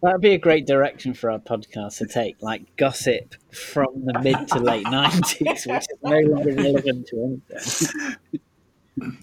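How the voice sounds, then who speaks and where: A man's voice: medium pitch, sing-song, unhurried. A man chatting on a podcast, wry and laughing often. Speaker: podcast co-host. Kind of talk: casual chat.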